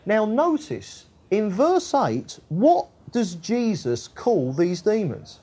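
A woman's voice: medium pitch, sing-song, takes it slowly, few pauses, warm tone, slightly rough. A woman teaching the Bible in a chatty, colloquial way, reading verses and checking in with tag questions.

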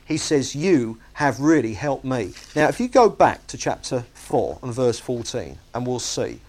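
Unhurried and mid-range in pitch, a man delivers a sermon in an animated, emphatic, conversational style. Again and again he asks his listeners "you see?" to make sure they get his point.

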